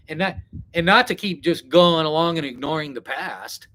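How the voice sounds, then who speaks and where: A man's voice: on the high side, normal speed, bright, forceful tone, slight background noise. A man vlogging live to his viewers, talking in a meandering, reflective way while he packs for a trip. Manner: meandering, reflective, talks straight to chat. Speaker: travel vlogger on a live stream. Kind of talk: rambling casual live chat. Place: indoors, packing for a trip.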